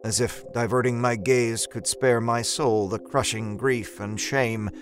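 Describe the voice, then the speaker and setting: A man narrating a first-person horror story in a measured, deliberate way, lingering on its imagery. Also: mid-range voice, steady tone, soft background music.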